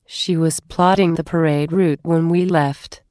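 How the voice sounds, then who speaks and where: A dry-witted male officer teases his friends, as a woman reads him. The delivery sits low and unhurried. The sound is close and dry, with no room around it. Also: fairly even intonation, darkish tone, no echo. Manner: wry, teasing.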